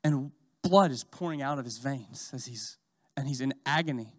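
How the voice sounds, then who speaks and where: A man preaching a sermon, swinging from loud, fast urging to slow, hushed lines. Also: medium pitch.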